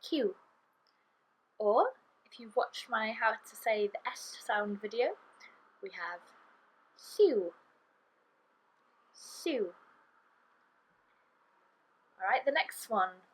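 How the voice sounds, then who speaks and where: Slow, careful woman teaching pronunciation. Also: a little high, a bit bright, rough recording. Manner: slow, careful, repeats each sound for the learner. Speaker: Welsh language teacher. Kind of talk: online pronunciation lesson. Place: indoor room in a city, street traffic outside.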